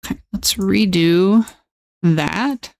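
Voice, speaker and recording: A woman's voice: medium pitch, takes it slowly, vocal fry, a little mellow, dry recording. A woman chatting casually on her livestream at home, laughing often and talking in a bubbly way. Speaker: streamer.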